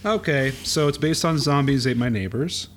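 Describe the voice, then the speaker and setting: A man in a mid-pitched voice casually narrating a comic aloud on a podcast. He talks in a playful, halting way, stopping for fillers and chuckles. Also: slight background noise. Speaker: podcast co-host.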